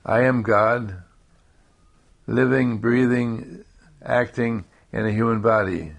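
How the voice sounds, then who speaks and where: Slow gravelly-voiced man, meditative. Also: mid-range voice. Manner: repetitive, calm affirmations. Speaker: spiritual speaker. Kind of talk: slow meditative spiritual talk.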